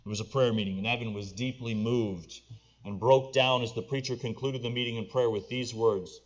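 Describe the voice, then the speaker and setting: A man's voice: fairly even intonation, brisk. Impassioned male preacher, lo-fi sound. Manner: builds to loud, impassioned pleading, then drops low and quiet. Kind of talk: sermon.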